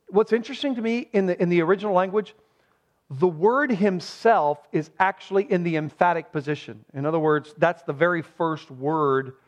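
A man preaching an expository sermon as pastor. He speaks emphatically and poses rhetorical questions to his listeners. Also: fairly high pitch. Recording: dull lo-fi recording.

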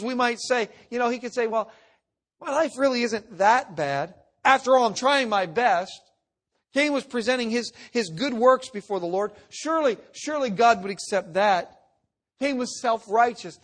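A man preaching with a fairly high voice. He delivers his sermon emphatically, rising to loud declarations and dropping to quiet asides, and he sometimes acts out the voices he quotes. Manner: emphatic preaching, shifts between loud and hushed. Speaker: pastor.

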